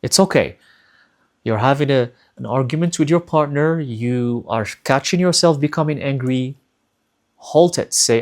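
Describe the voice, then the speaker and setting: A man's voice: medium pitch, a little slow, a little mellow. A man speaking as a spiritual teacher, giving earnest advice in a monologue, often repeating key phrases and asking rhetorical questions.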